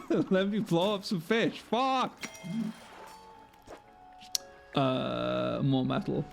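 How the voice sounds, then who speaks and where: A man's voice: mid-range voice, expressive, slow pace, gravelly, darkish tone, faint music behind. A man streaming a game live, joking, swearing freely and laughing often. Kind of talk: live gameplay commentary.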